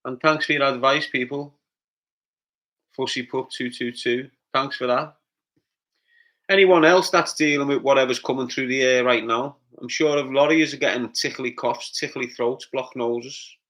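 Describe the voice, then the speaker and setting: A man's voice: medium pitch, fairly even intonation, moderate pace, fairly bright tone. A middle-aged man with a Scouse accent, hosting a casual livestream and answering viewers' comments one by one. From Liverpool, England. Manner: chatty, reads out usernames and answers them.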